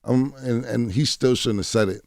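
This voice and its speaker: A male radio guest tells candid stories bluntly, cursing freely and often asking "you know what I'm saying." His voice is medium-pitched and darkish, at a moderate pace. The studio mic gives a dry, clean recording.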